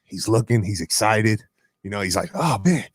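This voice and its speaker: A man's voice: lowish voice, normal speed, no room sound. A man co-hosting a sports radio show, telling a story with lots of laughter. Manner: animated storyteller, laughs often. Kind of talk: casual sports radio chat.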